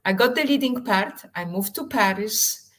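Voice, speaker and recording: A woman's voice: on the high side, lively intonation, moderate pace, a bit bright, poor audio. A woman, an author and actress, telling an anecdote dramatically in a live interview, in slightly non-native English. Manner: dramatic storyteller, emphatic and theatrical.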